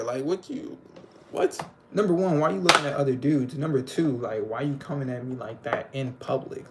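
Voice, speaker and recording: Heavy background noise surrounds a young man hosting a casual livestream in a medium-pitched voice at a moderate pace. Rambling and slangy, he checks in with viewers again and again with "you know what I'm saying."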